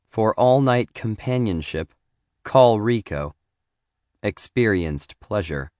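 A man reading a first-person memoir in a measured, reflective and wry way. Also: low-pitched, no room sound, studio quality. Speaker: narrator.

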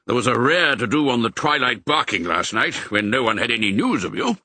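A man's voice: mid-range voice, very animated, pushed and bright, dry recording, exaggerated voice. A man doing a bluff old sheepdog colonel. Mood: hearty. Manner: brisk, bluff, fatherly. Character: hearty elderly male sheepdog colonel. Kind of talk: audiobook character voice.

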